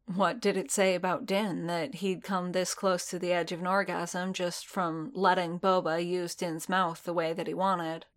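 A woman reading a piece of fan fiction aloud in steady, measured storytelling. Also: on the low side. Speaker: audiobook narrator.

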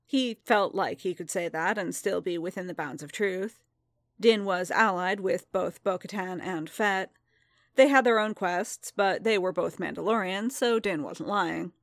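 A woman narrating a story aloud in an even, calm reading voice. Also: lowish voice, measured pace, no room sound, clean studio sound. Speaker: reader.

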